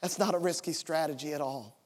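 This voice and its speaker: A man's voice: a little high, a little fast, big-room sound. A man pastor telling a personal story in a sermon and leading into an altar call. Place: church sanctuary.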